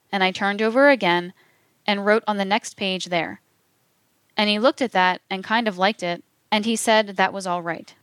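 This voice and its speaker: A woman narrating from a script, reading historical testimony in a measured way and speaking the quotation marks aloud. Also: medium pitch, a bit bright, clear, resonant tone, no room sound.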